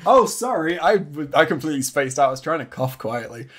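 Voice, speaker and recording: A man on a video call, trading deadpan quips and giggling in a casual chat. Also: fairly high pitch, a little fast. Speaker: guest artist.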